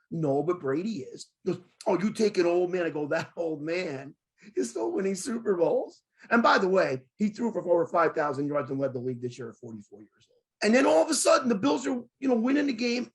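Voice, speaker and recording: A man hosting a sports talk show, telling a long story in a casual, excitable way and quoting arguments he had. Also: a little high. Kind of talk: animated storytelling in casual chat.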